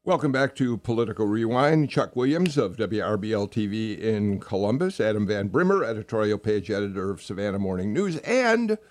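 A man hosting a political radio talk show, speaking in a halting way with many fillers and a wry edge. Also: on the low side, very animated, no room sound. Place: radio studio.

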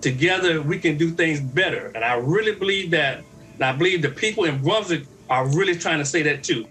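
A man's voice: a little high, expressive, a little fast, a bit bright, faint music behind, rough recording. Emphatic man addressing the public. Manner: emphatic, repeating phrases.

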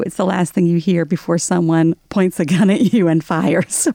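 A woman, an author giving a radio interview, animated and often laughing. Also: medium pitch, a little slow, no room sound, studio quality. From American South. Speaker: author guest.

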